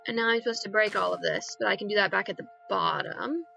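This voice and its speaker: A young woman streaming a game, keeping up an excitable, self-mocking running commentary as she plays. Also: medium pitch, fast talker, creaky, faint music behind. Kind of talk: casual live-stream chatter while gaming.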